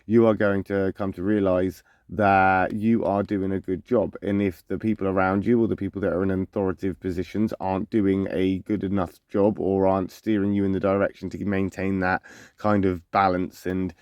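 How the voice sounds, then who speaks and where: A man's voice: low voice, little pitch movement, moderate pace, darkish tone, dry recording, dull audio. A man hosting a zodiac reading channel, speaking loosely and conversationally, often restarting and repeating phrases. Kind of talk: casual zodiac forecast reading.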